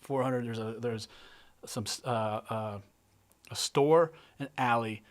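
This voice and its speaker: A man's voice: mid-range voice, slow. Man guest, casual storyteller, present-tense and blunt, trips over his words. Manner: vivid present-tense retelling, swears, frequent restarts. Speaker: guest artist.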